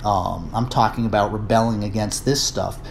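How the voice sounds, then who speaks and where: A man from the United States delivering a political rant on his vlog, rambling with many fillers and restarts and rising into indignant shouting. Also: lowish voice, fairly even intonation, moderate pace, creaky, slight background noise. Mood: measured. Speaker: political commentator.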